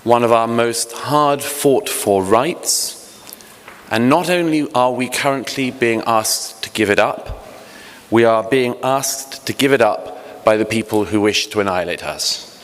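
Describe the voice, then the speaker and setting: Speaking a little slowly in a medium pitch, the British man addresses a conference panel from a podium microphone. The large hotel hall gives an echo and faint ambient sound, and his talk is sincere, punctuated by hesitant restarts and wry jokes.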